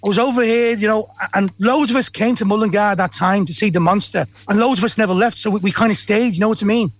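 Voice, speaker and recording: A man's voice: high-pitched, quick pace, dry recording. A man voicing a chatty Liverpool man who has settled in rural Ireland, with a Liverpool accent. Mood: boasting. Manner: chatty, boastful banter. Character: Liverpool man living in the Irish midlands.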